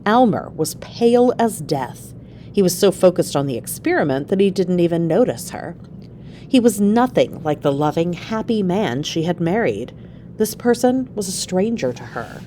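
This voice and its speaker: A woman reads an adapted classic story aloud in a clear, expressive way. Her voice is low and moves widely in pitch. A faint rumble sits behind her. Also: moderate pace. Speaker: narrator.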